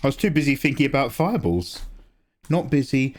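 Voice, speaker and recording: Lively, joking man streaming as he draws. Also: medium pitch, a little fast. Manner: chatty, joking, rambling asides. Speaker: art streamer. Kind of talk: casual livestream chat while drawing.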